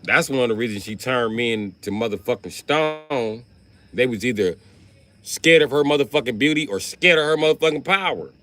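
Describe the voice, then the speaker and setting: A man's voice: medium pitch, moderate pace. A man on a live stream delivering a profane comic rant, swearing heavily as he goes. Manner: loud, animated, swearing heavily. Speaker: livestreamer.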